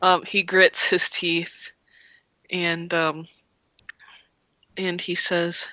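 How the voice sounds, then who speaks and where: Bright, dry-sounding game master. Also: medium pitch, flat delivery, dry recording, poor audio. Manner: halting, with frequent restarts and laughter. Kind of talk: narrating a live-streamed tabletop game. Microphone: home streaming mic.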